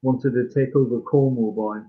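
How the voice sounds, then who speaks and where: Halting man on a tinny line. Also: mid-range voice, fairly even intonation. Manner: halting, many fillers and restarts. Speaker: podcast co-host. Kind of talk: casual film discussion.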